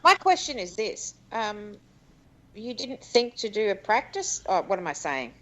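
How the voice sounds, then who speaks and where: A woman's voice: mid-range voice, very animated, unhurried, a bit bright, rough recording. A woman co-hosting a casual chat show, making sarcastic remarks. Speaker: co-host. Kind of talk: casual banter.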